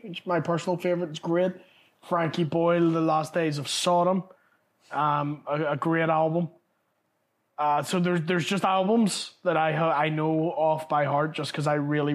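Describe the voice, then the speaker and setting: A man from Northern Ireland, a comedian, chatting casually in a pub with lively storytelling and the odd swear. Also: fairly high pitch, measured pace. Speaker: comedian guest.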